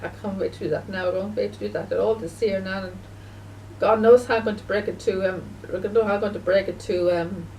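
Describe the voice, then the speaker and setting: A woman's voice: mid-range voice, fairly even intonation, darkish tone, slight background noise. Grieving woman vlogging, stumbles and repeats herself a lot, sounds a bit far from the mic. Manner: halting, repetitive, many fillers and restarts. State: emotional, grieving. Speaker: video blogger. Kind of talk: casual spoken remembrance.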